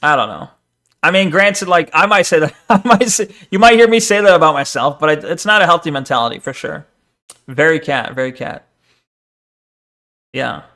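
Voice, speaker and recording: A man's voice: fairly high pitch, expressive, a little fast, sharp tone. Rambling young-sounding man streaming. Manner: rambling, talks over the video, frequent fillers. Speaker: streamer reacting to a video. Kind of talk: casual live-stream commentary.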